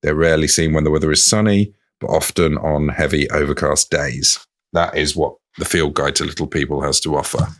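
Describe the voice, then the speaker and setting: A man's voice: extremely low pitch, steady tone, a little fast, fairly bright tone. A man co-hosting a comic folklore podcast, reading book passages aloud in a playful way. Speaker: podcast co-host.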